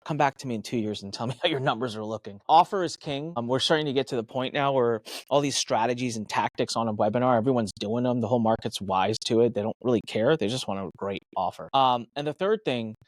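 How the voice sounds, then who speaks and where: A man guest on a podcast, giving energetic, emphatic business advice and acting out his own thoughts in quick asides. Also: mid-range voice, no echo. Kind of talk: animated advice talk.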